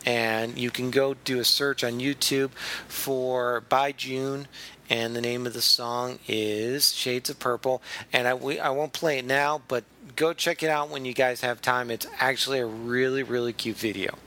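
Guy hosting a comedy podcast, chatty, laughs a lot, reads out letters, middle pitch. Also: level tone, unhurried, bright, forceful tone. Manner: chatty, reads listener mail aloud, laughs often. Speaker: podcast host. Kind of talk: casual comedy podcast chat.

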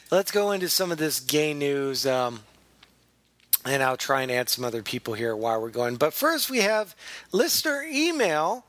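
A man's voice: a little high, expressive, a little slow, pauses often, a bit bright, no echo. A man hosting a comedy podcast, teasing his co-host and laughing often. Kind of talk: casual comedy chat.

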